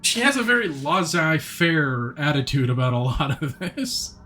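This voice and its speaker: A man with a fairly high, sharp-toned voice and lively intonation talks at normal speed while streaming a game. He chats with viewers, answers the chat, and reads the game's text aloud in a plain voice.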